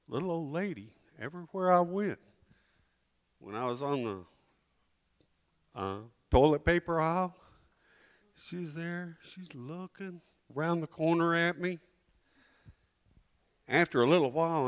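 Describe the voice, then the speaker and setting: Slow, lively storytelling man. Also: mid-range voice. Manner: slow, drawling, with many "uh"s and quoted dialogue. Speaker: liar's contest storyteller. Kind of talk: folksy tall-tale storytelling on stage.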